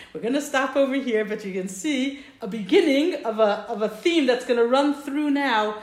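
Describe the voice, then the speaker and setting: A woman teaching a class over a video call, telling a parable in an animated, emphatic way. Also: medium pitch, echoey room. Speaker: religious teacher.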